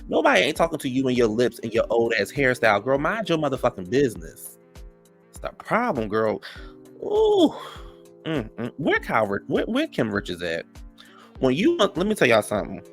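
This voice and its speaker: A man's voice: medium pitch, fairly quick, faint music behind. A man recapping a reality TV episode in casual, sassy and profane gossip, full of fillers. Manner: animated, with many fillers.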